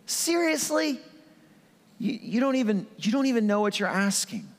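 Preacher doing a high-pitched exasperated Jesus. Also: male voice, very animated, moderate pace, big-room sound. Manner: incredulous, exasperated questioning.

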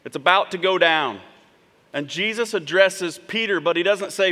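Preaching as pastor in a church sanctuary, a man talks to his congregation in a conversational way, with frequent check-in asides. His voice is a little high, pushed and bright, moving at a normal pace, and the recording has a long hall reverb.

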